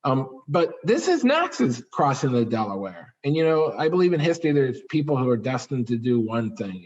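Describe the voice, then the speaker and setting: Guy telling a history story at a library talk, big pitch jumps, muffled lo-fi audio. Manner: animated storyteller, dramatic pitch swings, fillers. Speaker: author giving a library talk. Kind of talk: storytelling lecture. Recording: dull lo-fi recording.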